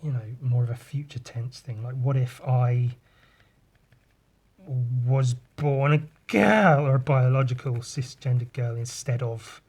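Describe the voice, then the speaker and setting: A man's voice: mid-range voice, unhurried, darkish tone, husky. A man talks casually on his own podcast. He rambles from thought to thought and swears freely. He often trips over his words and starts his sentences again. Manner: rambling, sweary, restarts a lot. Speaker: podcast host. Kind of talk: casual solo podcast chat.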